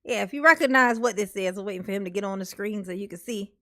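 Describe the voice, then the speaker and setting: A woman's voice: mid-range voice, fast, a bit bright. A woman giving casual reaction commentary to her viewers, mocking and laughing often. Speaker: commentary vlogger.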